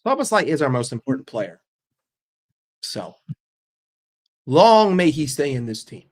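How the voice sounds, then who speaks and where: A man's voice: medium pitch, big pitch swings, unhurried. An American man ranting as a football fan vlogger, emphatic and profane. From United States.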